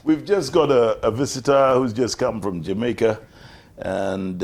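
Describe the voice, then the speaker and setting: An older man hosting a radio talk show, telling jokes in a relaxed way and acting out the voices in his stories. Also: medium pitch, unhurried. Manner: relaxed joke-telling, acts out quoted voices. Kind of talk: casual storytelling chat.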